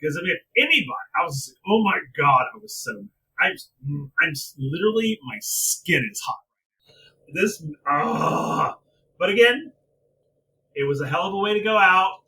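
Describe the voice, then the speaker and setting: Man, podcast co-host, casual chat, animated profane rant, bright voice, a bit far from mic. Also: high voice, normal speed. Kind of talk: casual wrestling review chat.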